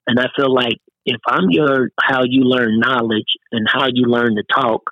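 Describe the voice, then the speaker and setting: A man's voice: medium pitch, slightly rough, no room sound. Earnest middle-aged man, dull lo-fi sound. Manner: earnest, peppers speech with "man". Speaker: guest. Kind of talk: casual interview talk.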